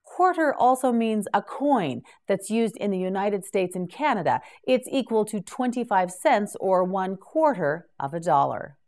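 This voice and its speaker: Slow, lilting woman teaching vocabulary. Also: mid-range voice, animated, a little mellow. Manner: carefully enunciated, repeats each word for the listener. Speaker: English teacher. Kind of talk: slow vocabulary drill for beginners.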